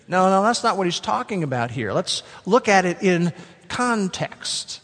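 Man, pastor, sermon delivery, high voice, emphatic, stretches key words, long reverb in a church hall. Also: very animated, a little slow, fairly bright tone.

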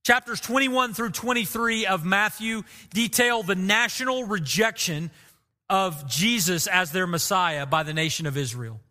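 A man's voice: high-pitched, measured pace, bright, forceful tone, long reverb tail. A man preaching a sermon as pastor, earnest and emotive, repeating phrases for emphasis.

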